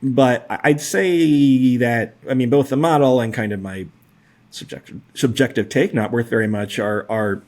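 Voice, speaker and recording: A man's voice: medium pitch, normal speed, darkish tone. Wry, rambling American male co-host. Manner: hedging, filler-heavy, wry. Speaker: podcast co-host. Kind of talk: casual analytical chat.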